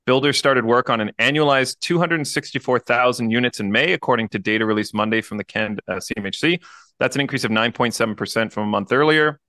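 A man's voice: medium pitch, pushed and bright, no echo, studio quality. A man with a Canadian accent co-hosting a podcast in casual chat, sometimes reading news aloud, chatty and joking at his own slips. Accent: Canadian English. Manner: fast, chatty, jokes and laughs at own slips. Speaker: podcast co-host, realtor.

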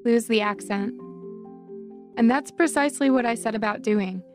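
A woman's voice: fairly high pitch, normal speed. Woman reading her essay over music. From Charlotte, North Carolina. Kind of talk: reading a personal essay aloud. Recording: voice over clear background music.

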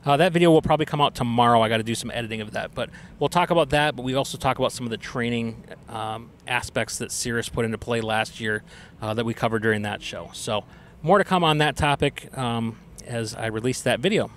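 Chatty male podcast host, mid-pitched. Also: quick pace, a bit bright, slight background noise. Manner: chatty, upbeat, explains things with fillers. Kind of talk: casual podcast recap.

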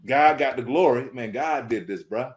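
A man tells a story as a podcast guest. He is earnest and lively, and he carries a strong faith. His speech is casual and circling, with his pitch sitting right in the middle. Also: moderate pace. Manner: animated, repetitive storytelling full of "man" and "bruh". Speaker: guest, food business owner.

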